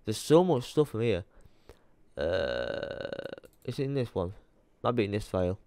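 Tired young guy ranting n swearing at his pc, smooth clear voice, dry close sound. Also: on the low side, big pitch swings, unhurried, darkish tone, no echo. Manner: swearing, rambling, muttering to himself while searching his computer. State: tired late at night. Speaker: YouTuber. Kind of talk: frustrated rant to camera.

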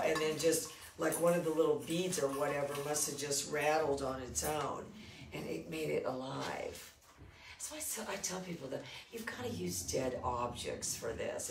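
A very deep, heavily gravelly woman talks casually about training dogs, rambling from one point to the next in a lively, swooping voice. She is recorded in an echoey room with clear background noise. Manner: rambling, animated, acts out quoted voices. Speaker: dog trainer. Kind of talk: casual livestream chat.

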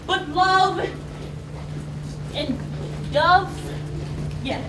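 A woman playing a mocking, bawdy young man, teasing and loud in a live stage show. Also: very high-pitched, extremely slow, heavily acted. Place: school building during a performance. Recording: echoey, distant camera with background noise.

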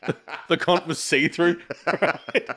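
A man's voice: fairly high pitch, fairly even intonation, slow, pushed and bright. A man telling sweary, laughing stories as a podcast co-host in casual chat.

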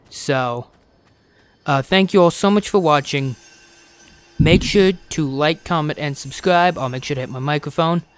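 A man's voice: fairly high pitch, clean tone, no echo. A young man hosting a let's play, swearing and exasperated as he comments on the game. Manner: profane, exasperated, animated. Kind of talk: gaming commentary.

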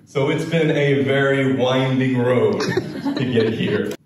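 An American-born man giving a storytelling talk as a keynote speaker, with slow, dramatic delivery and acted quotes. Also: medium pitch, very echoey, recorded from a distance, noisy background. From United States.

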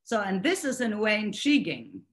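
A woman's voice: medium pitch, sing-song, brisk. Hesitant woman. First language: German. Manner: hesitant, searching for words, many restarts. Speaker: guest reader in a book talk. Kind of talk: online book discussion.

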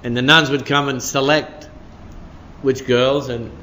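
A man's voice: medium pitch, steady tone, unhurried, bright, forceful tone, a little hiss or hum. A man, preaching a midweek sermon as a pastor in a chatty storytelling way, full of "you know" and "sort of".

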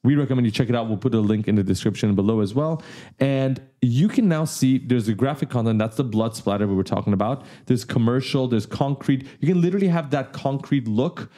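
A man hosting a casual 3D software tutorial who explains things simply and with enthusiasm. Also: medium pitch, fairly quick. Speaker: tutorial host.

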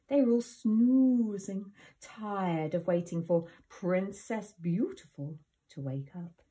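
Woman reading a storybook aloud, lively expressive pitch, mellow warm tone, dramatic pauses. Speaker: teacher.

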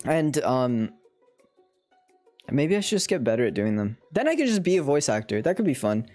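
Playful guy streaming a game, laughs and swears a lot, bouncy pitch, dry close mic, faint music. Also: very animated, moderate pace, darkish tone, no echo. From India. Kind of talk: casual game stream chat, reading aloud.

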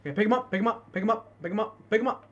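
A man's voice: sits high, rapid-fire, muffled recording. A young man hosting a casual co-op game let's play, joking around, yelping and laughing with a friend. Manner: jokey, excitable, yelps and laughs. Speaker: gaming channel host. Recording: faint background noise.

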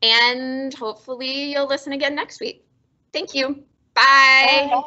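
A woman's voice: high-pitched, little pitch movement, slow pace, sharp tone, lo-fi sound. A woman librarian hosting a casual book talk, chatty and self-deprecating, often laughing. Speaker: librarian and host.

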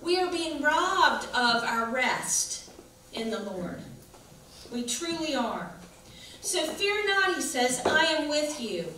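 A woman's voice: high-pitched, very animated, slow, pushed and bright. A woman pastor preaching a sermon, folksy and chatty, telling stories and laughing along. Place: church sanctuary. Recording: echoey church room, mic far off, background hum.

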